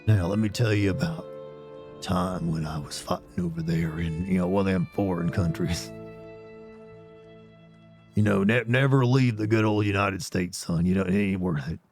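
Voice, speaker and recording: A man voicing a rambling old Southern grandpa with a Southern accent and a slow, folksy drawl. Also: low-pitched, creaky, music in the background.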